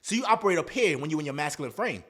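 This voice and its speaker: A man's voice: fairly high pitch, big pitch swings, very fast, a bit bright, breathy edge. A man hosting a dating advice talk, in a casual, slangy monologue that acts out quoted lines.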